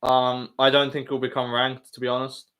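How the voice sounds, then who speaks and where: A man's voice: mid-range voice, completely flat delivery, moderate pace, fairly bright tone. A man hosting a casual live stream, bantering with the chat, swearing often and laughing.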